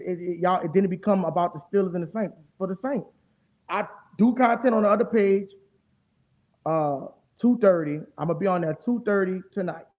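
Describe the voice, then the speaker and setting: A high-voiced man with a New Orleans accent hosts a casual live stream. He rambles in a profane and heated way. His voice comes through thin and tinny, like a phone line. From New Orleans, Louisiana. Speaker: streamer host.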